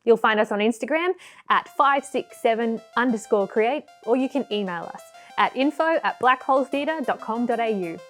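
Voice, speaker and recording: A woman's voice: a little high, lively intonation, moderate pace, fairly bright tone, soft background music. A woman teaching a puppet-making workshop for children, cheerful and encouraging. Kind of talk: children's craft tutorial.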